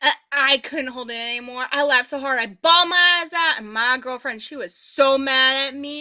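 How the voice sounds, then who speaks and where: A woman voicing a signed personal anecdote as an interpreter, casual and animated, chuckling often. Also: high voice, normal speed, few pauses. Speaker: sign language voice interpreter.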